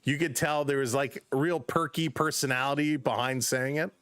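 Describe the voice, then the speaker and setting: A man hosting a live baseball stream, mixing play-by-play with chatty greetings to viewers. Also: moderate pace. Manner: chatty, greets chat viewers by name between pitches; gets loud and excited on big plays. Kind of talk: casual live play-by-play commentary.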